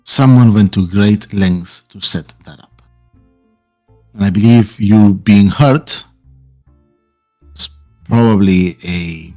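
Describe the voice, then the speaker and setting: A man doing a calculating male spymaster who speaks in a low, deliberate tone. He weighs each word and explains his schemes slowly and carefully, with faint music behind him. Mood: grave. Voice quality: calm, deliberate delivery.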